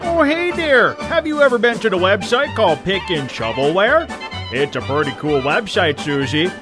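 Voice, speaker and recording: A performer putting on a folksy pitchman with a Minnesotan accent for a comic ad read. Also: very animated, moderate pace, music in the background, natural voice. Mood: chirpy. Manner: chirpy, exaggerated folksy sales patter. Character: folksy upper-Midwest ad pitchman.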